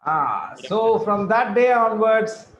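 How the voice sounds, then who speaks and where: A man narrating the close of a children's story in a measured storybook manner. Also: high-pitched, animated, fairly bright tone, echoey room, lo-fi sound, a little hiss or hum.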